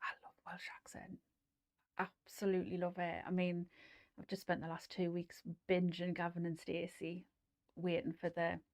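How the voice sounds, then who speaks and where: A chatty woman with a Geordie accent hosts a relaxed sewing live stream, rambling through viewer comments with plenty of ums and restarts. Her voice sits a little low, and she often drops to a soft near-whisper. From North East England.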